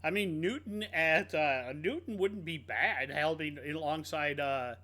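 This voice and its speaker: Sports podcast co-host, man, higher voice, jokey and lively. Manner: lively, joking, quick to laugh. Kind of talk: casual sports chat.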